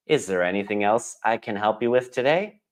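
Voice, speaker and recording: A man's voice: lowish voice, lively intonation, fairly quick, lightly acted. A man reading the part of a helpful post office clerk in a practice dialogue, in a plain, informative way.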